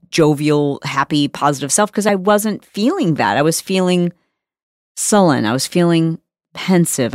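A woman's voice: low voice, no echo, clean studio sound. A woman hosting her own podcast, talking frankly and emphatically in a conversational monologue. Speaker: podcast host.

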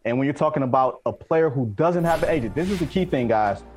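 A man's voice: mid-range voice, animated, fast, darkish tone, soft background music. Emphatic male sports analyst. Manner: emphatic, building points. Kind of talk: sports debate show.

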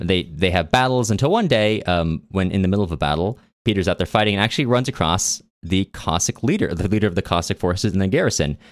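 A man's voice: low voice, no echo, clean studio sound. A man co-hosting a casual book podcast, retelling the plot in chatty storytelling with wry asides. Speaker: podcast co-host.

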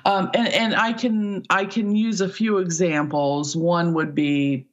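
A woman's voice: lowish voice, level tone, measured pace, lo-fi sound. A woman talent agent in a casual podcast interview, chatty and rambling as she tells stories about her work.

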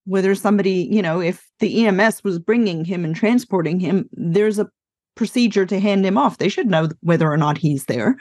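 Woman host, soft reassuring questions, dry close sound. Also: medium pitch, brisk, dry recording. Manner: gentle, reassuring. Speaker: podcast host. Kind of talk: sympathetic interview questions.

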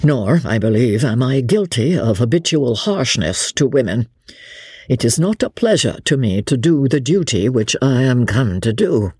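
A woman voicing a grave, honorable male army officer who speaks haughtily and haltingly. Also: deep voice, sing-song, warm tone, no echo, clean studio sound. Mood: stern.

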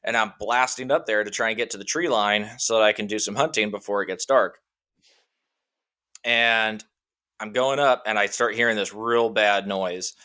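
In a lowish voice at normal speed, a man from Washington state tells a long and wandering anecdote about himself. He's a guest chatting casually, and fillers like "like" and "you know" keep cropping up.

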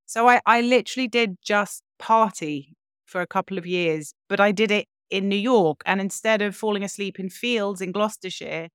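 A woman's voice: medium pitch, normal speed, a bit bright, clear, resonant tone, no room sound, clean studio sound. A woman, a podcast guest telling her own story in a frank, reflective way. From London, England. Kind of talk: candid personal storytelling.

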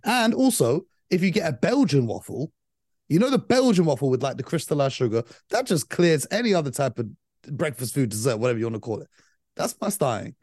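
A man's voice: on the high side, sing-song, brisk, a little mellow, no echo, studio quality. A man hosting a podcast in casual chat, running the segments, talking to listeners and arguing his picks firmly. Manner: runs the segments, speaks to listeners, firm and opinionated. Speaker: podcast host.

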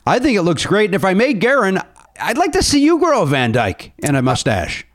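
A middle-aged man hosting a podcast, joking in quick, casual comedic banter. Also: high-pitched, huge pitch swings, fairly bright tone. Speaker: podcast host.

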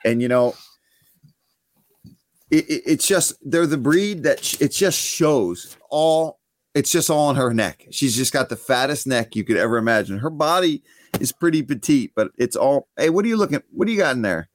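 A man's voice: medium pitch, animated, normal speed. A man who is a guest on a podcast, chatting casually and easily.

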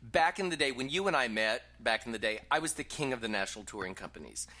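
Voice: medium pitch, lively intonation, quick pace, pushed and bright. A host in a casual interview, asking enthusiastic, rambling questions.

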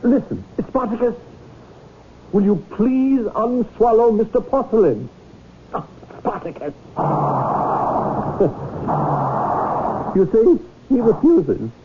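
High, swooping, pompous whale fanatic; old radio-play speech, thin tinny broadcast sound. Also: male voice, big pitch swings, unhurried, noisy background, full character voice. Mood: earnest. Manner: grandiloquent, theatrical, preaching. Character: pompous eccentric man devoted to his whale. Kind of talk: 1970s radio drama acting.

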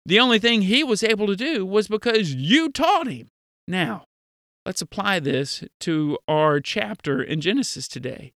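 Upbeat man teaching kids with a bright voice. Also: high-pitched, a little slow, no echo, studio quality. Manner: lively, playful, talks straight to kids. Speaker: children's Bible teacher. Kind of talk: kids' Bible lesson.

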